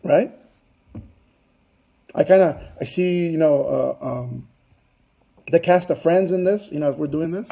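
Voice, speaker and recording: Husky-voiced man telling an anecdote. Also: on the high side, a little slow, long pauses, dark tone, low-quality recording. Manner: loose, chatty telling full of fillers and asides. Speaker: business presenter. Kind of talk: anecdotal storytelling to an audience.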